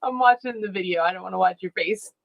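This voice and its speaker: A woman's voice: on the low side, fast talker, creaky, muffled recording. A woman chatting casually and teasing the men beside her. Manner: teasing, laughing often. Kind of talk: casual chat.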